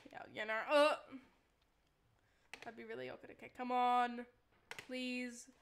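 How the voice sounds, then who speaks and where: A woman's voice: fairly high pitch, little pitch movement, a little slow, slight background noise. Exasperated Australian woman streamer. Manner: exasperated, pleading, talks to chat. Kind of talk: casual live-stream gaming chatter.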